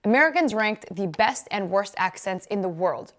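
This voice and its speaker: A young woman hosts her show, delivering scripted commentary with a sassy, opinionated edge. Her delivery is quick and brash, landing each point with attitude. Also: mid-range voice, animated, fairly bright tone. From New York. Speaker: host.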